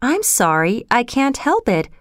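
A woman voicing a gentle, polite young boy prince who speaks softly. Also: fairly high pitch, huge pitch swings, unhurried, dry recording, studio quality. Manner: soft and polite.

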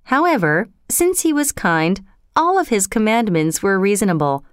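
A woman reading a storybook aloud in a slow, expressive way. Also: medium pitch, smooth, no room sound, clean studio sound.

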